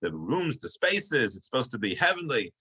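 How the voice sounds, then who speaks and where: Prying fable animals voiced by a man: eager, insistent, bright. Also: mid-range voice, very animated, normal speed, slightly rough, exaggerated voice, rough recording. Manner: eager, pressing questions. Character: curious fellow animals, eager and impatient.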